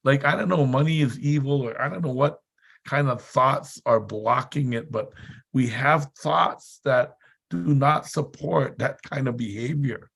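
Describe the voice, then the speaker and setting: A man's voice: mid-range voice, unhurried, gravelly, fairly bright tone, slightly rough. A man giving a motivational seminar talk, telling chatty anecdotes and laughing often. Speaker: seminar speaker.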